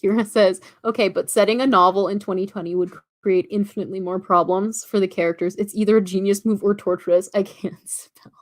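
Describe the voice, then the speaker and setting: A woman's voice: mid-range voice, fairly even intonation, quick pace, few pauses. Young Canadian woman, livestream host, chatty, lots of fillers, reads chat aloud. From Toronto, Canada. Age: about 19. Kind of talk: casual livestream chat reading comments.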